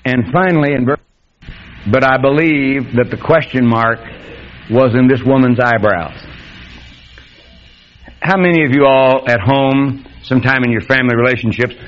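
A man preaching a sermon, animated and acting out quoted voices. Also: moderate pace, pauses often, muffled recording, slight background noise. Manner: animated, acts out quoted voices with sudden high pitch.

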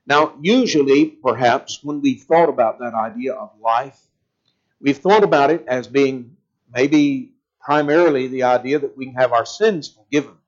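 A man preaching a sermon in a measured way, slowing down to stress key words. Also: mid-range voice, dull audio.

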